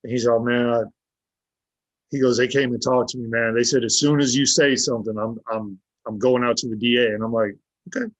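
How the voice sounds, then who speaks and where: With a medium-pitched, fairly even and fairly quick delivery, a male podcast guest tells a casual story, swearing a lot and bluntly voicing what others told him. There's no room sound; the recording is dull, dry and lo-fi.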